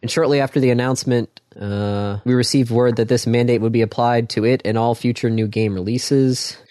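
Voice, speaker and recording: Relaxed male podcast co-host, dry mic. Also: mid-range voice, brisk, no echo. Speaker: podcast co-host reading news. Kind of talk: casual chat.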